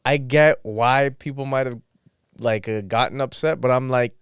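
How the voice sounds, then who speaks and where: A man's voice: medium pitch, normal speed, clean tone, no room sound, clean studio sound. A young man hosting a podcast in casual chat, laid-back and slangy, laughing often. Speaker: podcast host.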